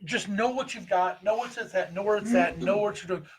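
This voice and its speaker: A man's voice: sits high, normal speed, a little hiss or hum. A man with a Midwestern American accent, co-hosting a casual chat on paranormal investigation and giving folksy, joking advice. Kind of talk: casual group chat on a show.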